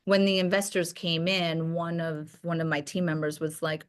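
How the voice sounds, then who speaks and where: A woman's voice: on the low side, level tone, normal speed, hardly any pauses. A woman speaking as a podcast guest, a doctor and company founder, talking openly and emotionally in a reflective way. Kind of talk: candid podcast conversation.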